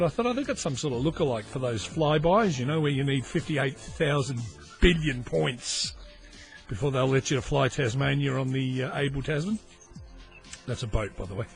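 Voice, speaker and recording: A man, hosting his own podcast in a chatty, self-mocking, rambling way full of asides. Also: a little high. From Australia. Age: 40s. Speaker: podcast host. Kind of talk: casual solo podcast rambling.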